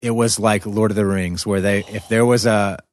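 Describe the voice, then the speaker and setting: A man's voice: on the low side, steady tone, normal speed. A man with an American Southern accent who hosts a podcast and explains things with enthusiasm in a casual chat. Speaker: podcast host.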